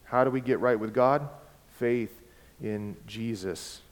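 A man preaching a sermon, emphatic and repeating key words, swinging between loud and soft. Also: mid-range voice, slow. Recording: long hall reverb.

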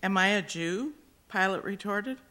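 Someone reading bible passages out loud, plain, a couple slips. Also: mid-range voice, measured pace. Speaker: scripture reader.

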